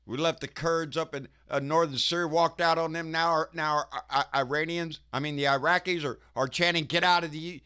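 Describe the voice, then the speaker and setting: A man's voice: high-pitched, pushed and bright, smooth. A man hosting a casual, ranting political commentary show, profane and folksy, who keeps tagging his sentences with "baby.". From Texas.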